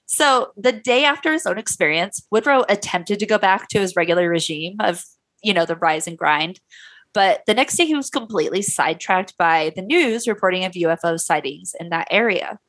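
A woman's voice: mid-range voice, animated, normal speed, fairly bright tone, dry recording. A young woman host narrating a story casually, loose and profane, with a sore throat. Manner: loose and profane, many fillers. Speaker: podcast host.

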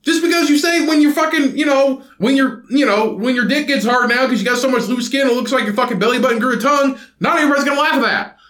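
A man co-hosting a casual podcast, his voice sitting high for a man, as he rambles and hammers his points home with a lot of swearing. The room around him is echoey and bare. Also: quick pace, few pauses, a bit bright. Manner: rambling, profane, emphatic. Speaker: podcast co-host. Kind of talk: casual chat.

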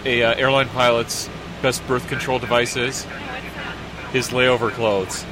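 A man telling a joke in a deliberate manner. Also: medium pitch, fairly even intonation, background noise.

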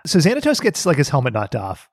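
A man co-hosting a podcast, recapping a cartoon episode in animated, joking chat, swearing and laughing often. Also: on the high side, fast talker, no echo, clean studio sound. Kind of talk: casual comedic chat.

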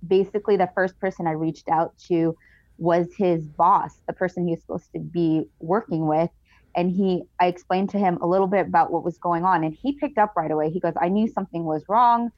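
Earnest woman guest, low and dull-sounding. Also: fairly even intonation, fairly quick, no room sound. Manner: emotional, earnest. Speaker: podcast guest. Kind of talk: candid interview storytelling.

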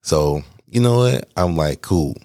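A man casually telling a personal story, slangy and animated, swearing and talking straight to his listeners. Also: deep voice, a little slow, no echo, clean studio sound. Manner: acts out quoted lines in a raised voice.

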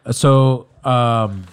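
A man co-hosting a casual podcast, giving his opinions in a rambling way, often repeating himself. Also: medium pitch. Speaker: podcast co-host.

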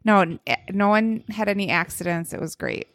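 A woman co-hosting a casual podcast, playful and quick to chime in with agreement. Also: medium pitch, expressive, creaky, a bit bright, dry recording. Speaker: podcast co-host.

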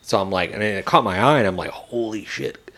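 Animated storytelling man, lowish voice. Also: quick pace. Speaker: podcast co-host. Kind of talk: casual storytelling chat.

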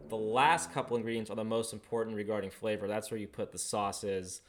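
A man's voice: on the low side, steady tone, fairly quick, a crowd in the background. A man co-hosting a podcast in casual chat, posing questions and leaning on "like" as a filler. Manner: questioning, leans on "like". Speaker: podcast co-host.

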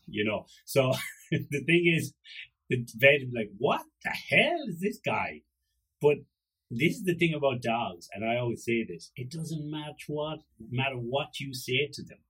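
A man's voice: mid-range voice, a bit bright, slightly rough, poor audio. A man with an Irish accent hosting a podcast, rambling through joking stories about his dog, swearing and acting out little voices. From Ireland. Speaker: podcast host. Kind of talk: casual solo podcast monologue.

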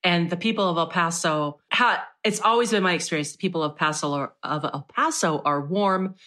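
Bubbly woman podcast host, lowish voice. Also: a little fast, bright, forceful tone. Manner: bubbly, laughs often, gushing. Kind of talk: casual chat.

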